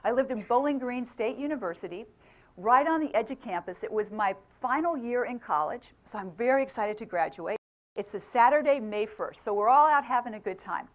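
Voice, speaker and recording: A woman's voice: on the high side, lively intonation, fairly quick. A middle-aged woman from England giving a motivational talk to a live audience. She keeps asking the crowd questions and laughs often. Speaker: motivational speaker.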